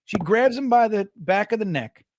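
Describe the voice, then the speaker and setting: A man from New Jersey hosting a casual sports livestream, a loud, excitable storyteller who laughs often. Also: high-pitched, normal speed, dry recording, clean studio sound. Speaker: podcast host.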